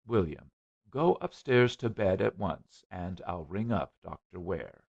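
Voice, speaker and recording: A man's voice: low-pitched, animated, a little slow, creaky, heavily acted. A man voicing a fussing, anxious middle-aged mother, on a dull lo-fi recording.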